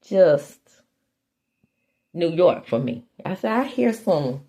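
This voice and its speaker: A middle-aged woman from Mississippi hosting a casual podcast, chatty and animated, full of slangy asides. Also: lowish voice, takes it slowly, pauses often. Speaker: podcast host recapping a TV soap. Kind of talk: casual chat.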